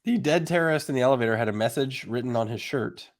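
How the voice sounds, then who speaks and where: A man's voice: medium pitch, quick pace. Upbeat man quizzing his co-host. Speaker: podcast co-host. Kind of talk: casual chat.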